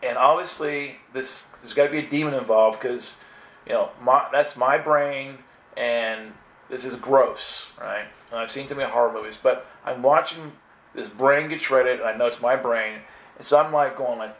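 A man's voice: medium pitch, moderate pace. Earnest man telling a spiritual story, echoey room. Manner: earnest, animated storytelling with many restarts. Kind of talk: personal spiritual testimony.

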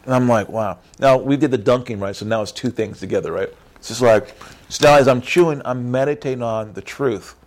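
Animated male preacher. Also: mid-range voice, fairly quick. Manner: acts out church members in character voices, says "right?" often. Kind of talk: animated sermon.

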